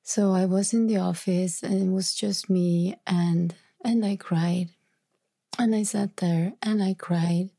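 Husky, gravelly woman confiding softly. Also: fairly low pitch, steady tone. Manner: reflective, halting, drops into whispery asides. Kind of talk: personal confessional monologue.

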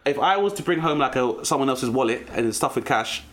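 London man, 30s, quick comic storyteller being interviewed. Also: mid-range voice. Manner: animated storyteller, acts out strict relatives. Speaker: comedian guest. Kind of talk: casual podcast interview.

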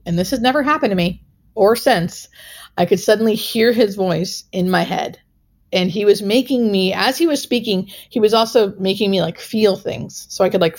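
A woman's voice: medium pitch, a little mellow. A woman hospice nurse telling a personal story in an interview, earnest and emotional, with many filler words.

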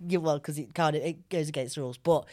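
A woman chatting as a podcast guest, rambling and often dropping to a low voice when she reflects. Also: fast talker, darkish tone. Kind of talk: casual chat.

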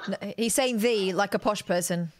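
A woman's voice: medium pitch, moderate pace, a loud crowd. A woman with a Northern English accent, co-hosting a call-in show in a chatty, wry way. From north of England.

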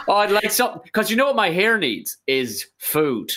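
A man's voice: high-pitched, measured pace. A man chatting casually on a podcast, joking and ranting with comic exaggeration. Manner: animated, jokey, prone to rants and comic exaggeration. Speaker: podcast co-host. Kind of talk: casual chat.

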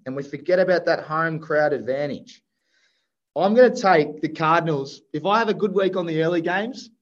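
A man's voice: fairly high pitch, dull audio. An Australian man co-hosting a podcast, talking sports picks in an enthusiastic, chatty way. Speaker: podcast co-host. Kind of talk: casual sports chat.

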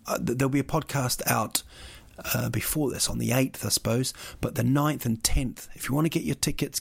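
A man's voice: mid-range voice, gravelly, no room sound. A man hosting a solo podcast, rambling through listener questions with jokey, playful asides. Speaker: podcast host. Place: lives in Sweden.

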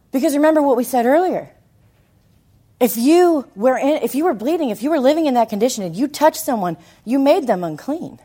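Woman preacher, slightly high voice, very lively pitch, animated emphatic sermon delivery. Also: slightly rough. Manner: animated storytelling, emphatic, swings from loud to hushed.

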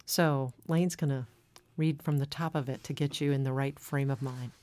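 A woman editor hosting a podcast in a brisk, conversational way. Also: very deep voice, fairly even intonation, a little mellow.

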